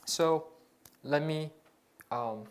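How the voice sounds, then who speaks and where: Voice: mid-range voice, very slow. A pastor preaching a sermon, earnest and exhorting, often repeating words while searching for the next phrase.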